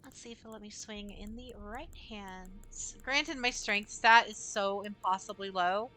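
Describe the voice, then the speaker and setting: A young adult woman streams a game and chats casually with viewers, rambling and using many fillers as she talks to chat. Her medium-pitched voice is unhurried and heard over music.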